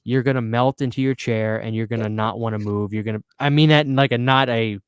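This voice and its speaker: A man hosting a podcast and chatting casually, excitable and profane, stumbling over repeated words when he gets worked up. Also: mid-range voice, a little fast, clear, resonant tone, no echo, studio quality. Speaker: podcast host. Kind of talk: casual chat.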